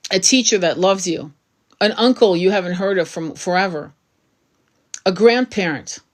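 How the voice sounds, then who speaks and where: A woman giving a tarot reading, talking straight to the viewer in a blunt, casual way and swearing freely. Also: mid-range voice. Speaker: tarot reader.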